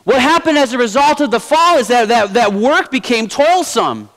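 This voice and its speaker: A man's voice: extremely high pitch, sing-song, normal speed, a bit bright, low-quality recording. A male pastor preaching a sermon in a conversational way with light humor. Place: church.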